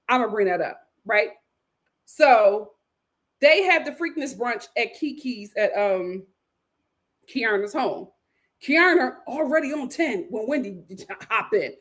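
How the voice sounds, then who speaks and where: A woman hosting a casual reality TV recap, acting out what the cast members said. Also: high-pitched. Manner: animated, acts out cast members' lines with big vocal swings.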